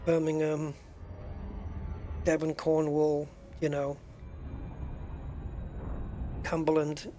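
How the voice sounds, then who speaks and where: A man's voice: a little high, monotone, very slow, long pauses, dark tone, slight background noise. A man streaming a game, chatting casually and rambling as he answers viewer questions. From United Kingdom. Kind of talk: casual live-stream chat while playing.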